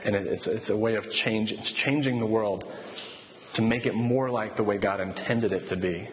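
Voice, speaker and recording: At a normal pace, a man with a lowish voice delivers a relaxed, story-driven sermon. He brings quoted dialogue to life in a lively, conversational retelling, and the reverberant hall adds faint ambient noise.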